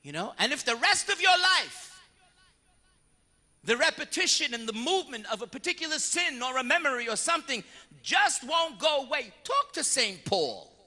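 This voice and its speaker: A priest giving a lively sermon on confession, acting out penitents and priests in short voices. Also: male voice, very high voice, normal speed, in a large hall. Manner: animated storyteller, slipping into voices of penitents and priests.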